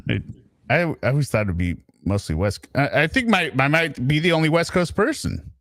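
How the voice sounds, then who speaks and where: A man's voice: a little high, expressive, fairly quick, fairly bright tone, no room sound. Man, stream host, casual chat, mid-range voice, dry close sound. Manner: chatty, keeps tagging lines with "right?". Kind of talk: casual live-stream commentary.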